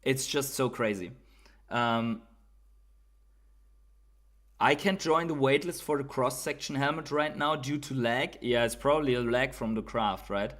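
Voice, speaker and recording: Male livestream host, German accent, mid-pitched, chatty and unpolished, swears, ends lines with "right?". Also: a little slow, long pauses, fairly bright tone. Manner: thinks aloud, swears, keeps adding "right?". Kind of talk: casual livestream chat.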